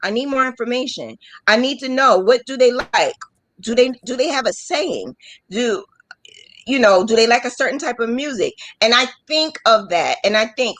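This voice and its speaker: A woman's voice: a little high, unhurried, no room sound, rough recording. A woman mentoring crochet business owners in a casual live chat, talking emotionally and acting out little quotes. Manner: animated, emotional storytelling with acted-out quotes.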